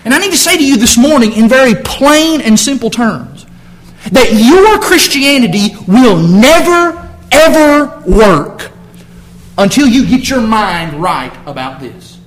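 A man preaching a sermon in church, fervent, swinging from low, intense talk to shouted exclamations. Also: sing-song, unhurried, low-quality recording.

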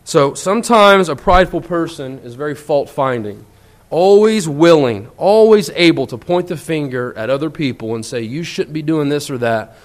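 This sermon comes from a man who is earnest and forceful, reading scripture at a deliberate, unhurried pace. His pitch leaps upward each time he speaks in someone else's voice.

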